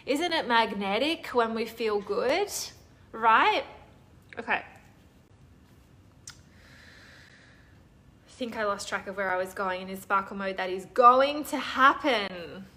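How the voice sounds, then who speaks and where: A woman's voice: a little high, lively intonation, takes it slowly, pauses often, bright, forceful tone. A woman hosting a live online coaching session, talking enthusiastically and reading out viewer comments. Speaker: online course host. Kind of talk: live-stream coaching talk.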